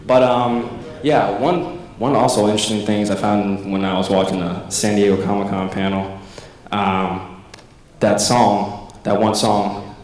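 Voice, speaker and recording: Man, stand-up comedian, rambling delivery, acts out quotes, reverberant convention hall. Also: medium pitch. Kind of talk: casual stand-up set. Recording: echoey hall, mic at a distance.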